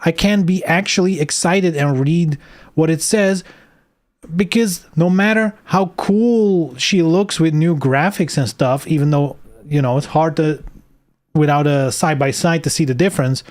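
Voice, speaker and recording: A man's voice: fairly high pitch, measured pace, darkish tone. A man streaming live, reading game news aloud and ranting about it sarcastically, swearing often.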